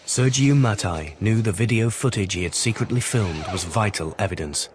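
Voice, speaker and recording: A man giving scripted documentary narration in a measured, even storytelling manner. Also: lowish voice, background noise. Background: music.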